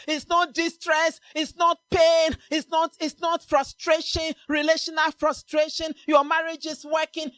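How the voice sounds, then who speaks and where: A woman pastor preaching a fervent sermon, building to shouted peaks and repeating her lines. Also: sits high, dry recording.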